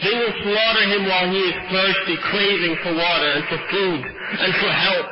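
A solemn elderly grandfather speaking slowly with grief, as a preacher voices him. The voice is fairly high for a man. It comes through an echoey, dull lo-fi recording with loud noise behind. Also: fairly even intonation, natural voice. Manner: solemn, mournful, slow prophetic speech. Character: grieving elderly grandfather foretelling a death.

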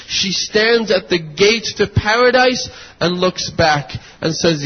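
A man preaching a sermon, telling a story with rising passion and crying shouts. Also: fairly high pitch, a little slow, slightly rough. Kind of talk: impassioned religious sermon. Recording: dull lo-fi recording.

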